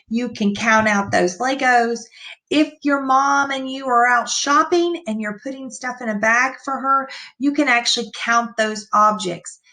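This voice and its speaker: A woman's voice: on the high side, bright, forceful tone. A woman teacher reading a picture book aloud to young children, patiently explaining the words and counting the numbers out.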